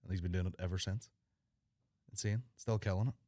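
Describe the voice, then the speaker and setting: A man's voice: low-pitched, fairly even intonation, brisk, warm tone, no echo, studio quality. A man in his thirties with a Northern Irish accent, hosting a comedy podcast with crude, sweary, jokey chat. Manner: crude, sweary and jokey, slipping into mock voices. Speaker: podcast host.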